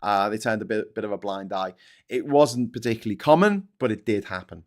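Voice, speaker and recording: A man's voice: lowish voice, a little fast. A middle-aged man hosting a live stream, chatting casually and reading viewer comments, rambling and swearing, often laughing.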